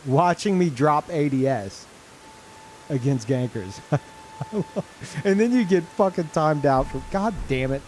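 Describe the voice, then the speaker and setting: A man streaming a game with live commentary, swearing and incredulous, jumping between loud outbursts and low mutters. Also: lively intonation, unhurried, a little hiss or hum.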